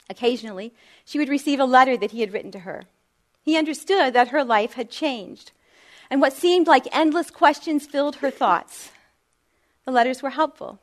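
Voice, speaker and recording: A woman narrating a story in a calm, measured, gently expressive way. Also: high-pitched.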